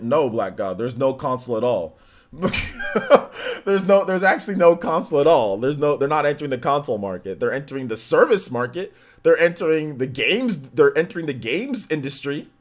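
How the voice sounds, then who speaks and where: A man hosting a live gaming-news stream reads viewer comments aloud and answers each one in loose, casual talk. His pitch sits in the middle range for a man. He can turn blunt and heated as he goes. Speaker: streamer host.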